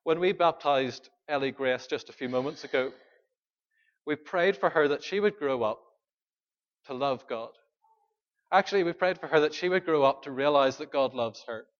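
A man's voice: on the high side, moderate pace, lo-fi sound. A man preaching a sermon, earnest and pleading, putting questions to the congregation. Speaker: pastor.

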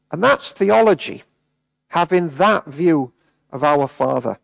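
A man preaching a sermon, emphatic, dropping to hushed words and then rising again. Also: fairly high pitch, animated, unhurried, gravelly, no room sound, poor audio. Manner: emphatic, swinging between hushed and raised.

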